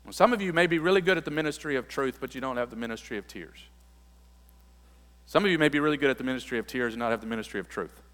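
A man preaching a sermon, reading scripture aloud and then explaining it, building to emphatic, forceful peaks. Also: medium pitch, long reverb tail. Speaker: pastor.

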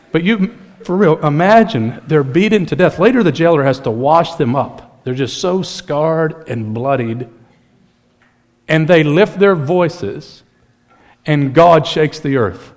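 A male pastor delivers a sermon in an animated, conversational style. He mixes humor into the preaching and speaks with a slightly high voice.

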